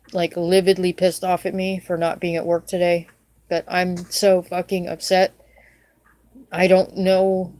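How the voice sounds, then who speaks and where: A woman's voice: on the low side, dark tone, no room sound. Upset, swearing woman ranting to camera. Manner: swearing, venting, repeats herself. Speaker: vlogger. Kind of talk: angry personal rant to camera.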